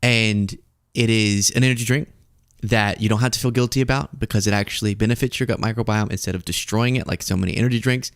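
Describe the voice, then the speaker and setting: A man hosting a political commentary show, sarcastic and animated. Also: fairly low pitch, quick pace, smooth, dry recording, clean studio sound. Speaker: host.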